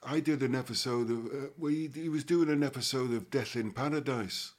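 This actor guest, a Liverpudlian in his sixties, talks fairly quickly at a medium pitch in a Scouse accent. He rambles through old memories in a casual way, often tossing in "you know what I mean."

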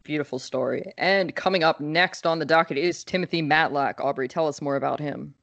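A woman's voice: low-pitched, brisk, vocal fry, fairly bright tone, dull audio. A young adult woman co-hosting a podcast, joking around and slipping into playful announcer-style bits. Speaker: podcast co-host. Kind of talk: casual podcast chat.

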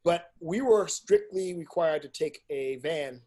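A middle-aged man, an independent filmmaker and teacher, telling stories in a casual interview, animated and blunt, swearing freely and acting out what people said. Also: a little high, measured pace.

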